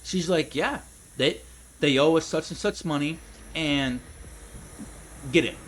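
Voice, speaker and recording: A man's voice: a little high, a little slow, fairly bright tone, slight background noise, poor audio. A young man gaming at home, telling a long rambling story, laughing often and calling people dude and man. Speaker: gaming streamer. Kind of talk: casual storytelling while gaming.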